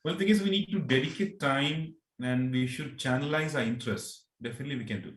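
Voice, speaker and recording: Indian male guest speaker, mid-pitched voice, hesitant webinar answers, roomy echo. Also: fast. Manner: hesitant, restarts with "I mean".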